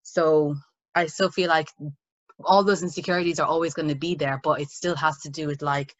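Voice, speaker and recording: This guest is a young Irish actress with a deep voice, fairly even intonation and a normal speaking speed. She chats casually, her Irish accent showing some American influence, and performs the voices of those she quotes. There's no echo, though the sound is muffled and dull.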